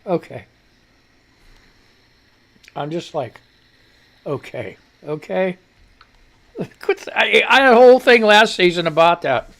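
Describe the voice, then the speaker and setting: A man's voice: high-pitched, animated, unhurried, gravelly, long pauses, a bit bright. A man hosting a live show, rambling casually with salty language and poking fun at himself, a bit short of breath. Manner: rambling, salty, self-mocking. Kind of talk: casual live-stream chat.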